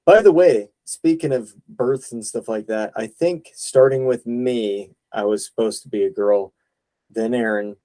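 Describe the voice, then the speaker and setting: A man's voice: medium pitch, unhurried, mellow. A young man chatting casually with his mother, rambling through memories and laughing easily. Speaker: son. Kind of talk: casual family chat.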